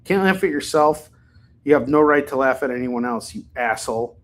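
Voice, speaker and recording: A man's voice: medium pitch, animated, normal speed. A man hosting a live shopping stream, chatting in a joking, profane, rambling way. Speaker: live shopping show host. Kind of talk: casual live-stream sales chat. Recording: roomy echo.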